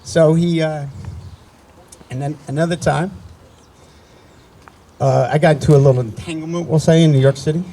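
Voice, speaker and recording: A man in his sixties from New Jersey speaks at a memorial ceremony, telling family stories conversationally with frequent restarts. His voice is on the high side, steady, creaky and mellow, at a moderate pace with long pauses, and the audio is poor.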